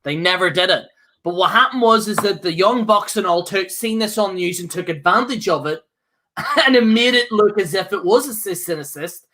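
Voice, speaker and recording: A man's voice: sits high, animated, normal speed, sharp tone. A man co-hosting a podcast, ranting with fiery, profane outbursts broken up by laughter. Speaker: co-host. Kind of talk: heated podcast rant.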